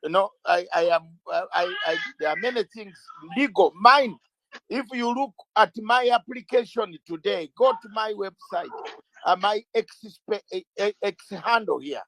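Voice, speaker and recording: High-voiced man firing rhetorical questions. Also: expressive, moderate pace, a bit bright, no room sound. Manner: emphatic, fires rhetorical questions, raises voice; stumbles and restarts words. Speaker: interview guest, legal campaigner. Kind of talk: impassioned interview talk.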